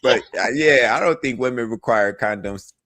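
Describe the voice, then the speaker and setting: A man's voice: medium pitch, moderate pace, crowd noise. A man in his thirties, a panelist in a podcast debate, who stammers and insists on his point. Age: 30s. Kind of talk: casual debate.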